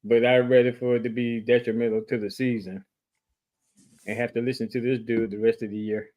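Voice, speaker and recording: A man's voice: mid-range voice, level tone, darkish tone. A man co-hosting a casual sports talk show, explaining himself over and over with growing exasperation. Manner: exasperated, repeats himself slowly. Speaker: podcast co-host.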